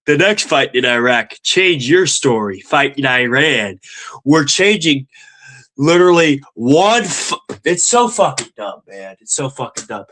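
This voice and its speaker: A man's voice: medium pitch, a bit bright. A young man with a nasal voice hosting a stream, ranting angrily about politics and swearing constantly. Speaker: stream host. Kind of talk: profane political rant.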